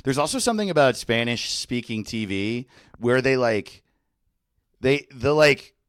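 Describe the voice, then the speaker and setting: Guy on a comedy podcast, talks slow, lots of swearing and laughing, dry close sound. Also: medium pitch, animated, clear, resonant tone, no room sound. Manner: crude, profane and laughing often. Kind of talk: casual comedic chat.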